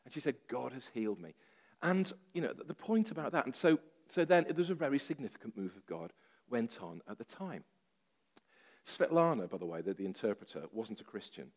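A man preaching a sermon, telling a story with lively, self-deprecating humor and many fillers. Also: mid-range voice, a little fast.

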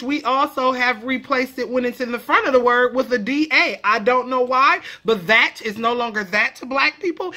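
Woman vlogger, casual comedic explainer; animated and cheeky with a sharp, bright tone. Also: sits high. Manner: animated, profane, playful banter.

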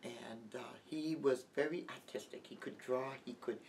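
Middle-aged woman guest, halting heartfelt testimony, mic set back with faint hiss. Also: very deep voice, darkish tone. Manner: halting, heartfelt, with many restarts. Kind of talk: emotional personal testimony. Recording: distant mic with light background noise.

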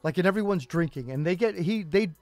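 A man's voice: high voice, fast talker, no room sound. A man co-hosting a radio show, telling long anecdotes in casual banter and cutting in to correct his partner. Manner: animated storyteller who cuts in to correct. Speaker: co-host.

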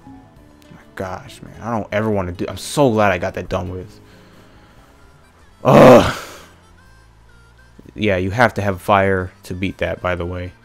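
Gamer guy, low-pitched, slangy and fed up, talking through his own gameplay with soft music under him. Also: little pitch movement, brisk, gravelly, few pauses. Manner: exasperated, ranting, muttering to himself; casual slangy talk. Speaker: gaming channel host. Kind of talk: let's play commentary.

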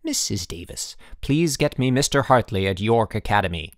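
A man's voice: on the low side, lively intonation, normal speed, no room sound, lightly acted. A man voices a stern, smug boarding-school headmaster in an audiobook. He talks in short, formal, clipped phrases. The recording is dry and close.

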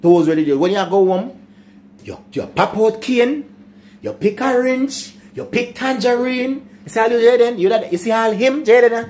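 An older Jamaican man with a very high, slightly mellow voice tells childhood stories at a moderate pace. He chats casually in patois, laughs often, and turns now and then to speak to his grandsons.

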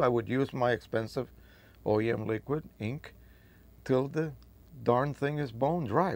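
A man's voice: medium pitch, unhurried, darkish tone. A man from Spain, hosting a photo printing video, reads an old post aloud and breaks in with chatty, emphatic asides.

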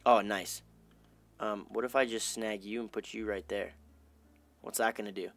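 A man's voice: fairly low pitch, moderate pace. A young man giving casual, chatty commentary over his own gameplay, talking to himself and his fans. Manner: chatty, self-talking, upbeat, bursts of excitement. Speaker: gaming YouTuber.

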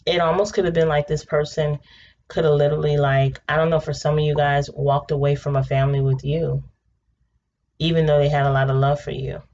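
Gravelly low-voiced woman reading tarot. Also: a little fast. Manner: chatty, swears freely, breaks into excited laughter. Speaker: tarot reader. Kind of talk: casual tarot reading monologue. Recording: slightly dull home recording with faint noise.

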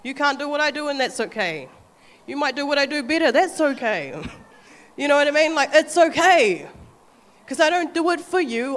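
A woman with a New Zealand accent preaching a sermon, animated and often acting out quoted voices with light laughter. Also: high voice, normal speed, in a large hall.

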